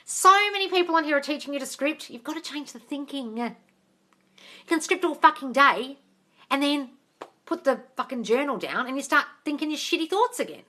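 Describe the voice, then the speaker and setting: A woman with a high, bright voice runs a live-stream Q&A, answering viewers' comments. She is blunt and sweary, calls everyone darling, and every so often bursts into loud, excited cheers. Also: moderate pace. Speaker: manifestation coach answering live chat.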